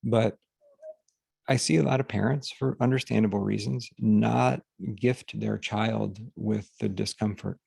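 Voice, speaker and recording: A man hosting a group session, talking casually and haltingly, with many fillers and restarts, over a video call. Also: lowish voice, fairly even intonation, creaky, darkish tone, husky, dry recording. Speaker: workshop host. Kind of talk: casual teaching talk to a group.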